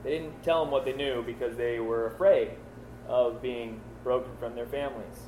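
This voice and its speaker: A man's voice: mid-range voice, fairly even intonation, normal speed, dark tone, slight background noise. Man teaching the Bible conversationally, echoey room. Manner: conversational, many fillers and rhetorical questions.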